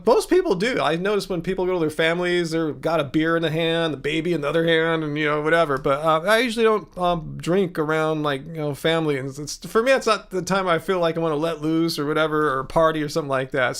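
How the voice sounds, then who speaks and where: A man's voice: on the high side, brisk, a bit bright. A man in his thirties hosting a casual livestream, rambling and joking with many fillers and restarts. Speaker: livestream host answering viewer questions.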